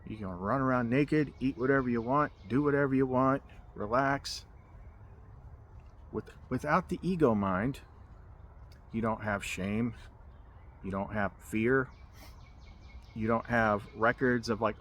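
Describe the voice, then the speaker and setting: A man's voice: medium pitch, slight background noise. A man vlogging from a hammock outdoors, telling a story in a rambling, casual way full of fillers and restarts. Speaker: spiritual vlogger.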